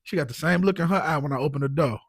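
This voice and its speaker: A man telling his own story as a podcast guest, animated and emotional, full of "like" and "you know what I'm saying". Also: a little high, rapid-fire, creaky, husky, no room sound. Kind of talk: casual storytelling.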